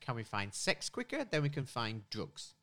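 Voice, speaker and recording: A British man co-hosting a casual podcast from home, chatty, sweary and quick to laugh. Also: mid-range voice, huge pitch swings, fairly bright tone. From United Kingdom. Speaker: podcast co-host.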